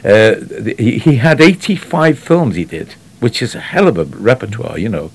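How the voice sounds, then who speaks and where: A man's voice: medium pitch, very animated, normal speed, vocal fry, husky. A man chatting casually on the radio, telling rambling anecdotes that trail off. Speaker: radio guest on classic actors.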